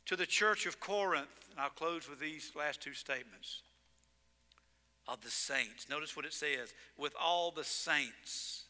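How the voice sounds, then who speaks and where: A male pastor preaching a sermon in a church, telling stories in an animated way and hitting words with sudden loud emphasis. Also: a little high, measured pace. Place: church sanctuary. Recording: long reverb in a church sanctuary.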